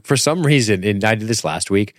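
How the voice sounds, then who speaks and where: Male podcast co-host, lowish voice, dry close sound, casual and profane. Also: expressive, fairly quick, no room sound. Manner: joking, profane, acts out quotes from the show. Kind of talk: casual recap chat.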